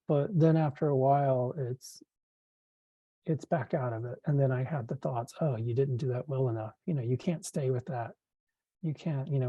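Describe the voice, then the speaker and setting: Hesitant questioner with a mellow voice. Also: mid-range voice, no echo. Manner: hesitant, searching for words. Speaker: questioner at a meeting. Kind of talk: asking a personal question.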